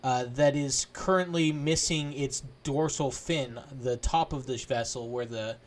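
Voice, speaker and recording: A man narrating a tabletop game as game master, halting, with many restarts and fillers. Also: mid-range voice.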